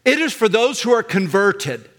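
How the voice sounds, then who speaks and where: Older preacher guy, high voice, keeps building up then crying out. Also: sing-song, moderate pace. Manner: emphatic, rising to loud cries on key words. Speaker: pastor. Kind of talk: sermon.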